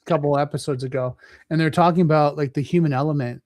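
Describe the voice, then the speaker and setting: A man with a slightly high voice, talking fast and animated as a podcast host, slipping into the voices of the people in his stories. The sound is dry and close, with little room around it. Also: no echo. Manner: fast, animated storytelling, acts out quoted people. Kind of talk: casual chat.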